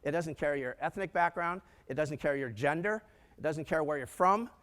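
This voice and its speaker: A man's voice: a little high, normal speed. A man telling stories in a conference talk, acting out the lines of people in his stories. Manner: animated storyteller who acts out quoted dialogue. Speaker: conference speaker. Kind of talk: storytelling keynote talk. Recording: long hall reverb.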